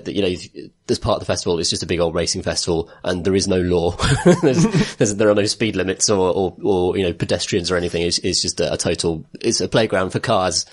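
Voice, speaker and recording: A British man chatting casually on a podcast, rambling with frequent restarts and laughter. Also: low voice. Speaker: podcast co-host. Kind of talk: casual chat.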